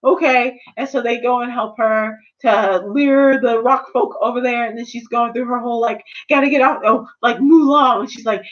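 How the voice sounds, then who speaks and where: Woman, high voice, sassy slangy film review chat, dull lo-fi sound. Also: steady tone, normal speed, hardly any pauses. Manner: sassy, slangy, playful retelling. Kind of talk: casual spoiler review chat.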